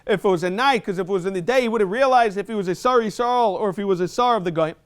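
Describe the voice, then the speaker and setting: A man giving a fast Talmud class in a synagogue, reading Hebrew and Aramaic quotes and explaining them in English. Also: high voice, smooth. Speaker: rabbi teaching Talmud. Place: synagogue study hall.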